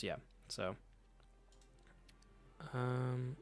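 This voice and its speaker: A man's voice: medium pitch, slow pace, long pauses. A man chatting loosely as he flips through comic issues. He jokes, swears easily and often stops to correct himself mid-sentence. His tone stays offhand and unscripted. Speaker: comic book reader and commentator. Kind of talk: casual chat while reading comics.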